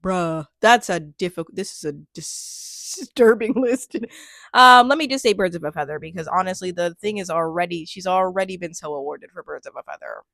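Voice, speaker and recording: A woman's voice: lowish voice, brisk, gravelly, few pauses, pushed and bright, dry recording, studio quality. A woman in her twenties chatting casually as a music vlogger, laughing often and trailing off into restarts. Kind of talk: casual commentary vlog.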